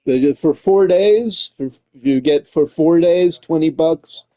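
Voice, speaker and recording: A man's voice: on the high side, slow, dark tone, no echo, studio quality. A man chatting casually while streaming, rambling and swearing, often tossing in "man" and "dude". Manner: rambling, profane, says "man" and "dude" a lot. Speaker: gaming streamer.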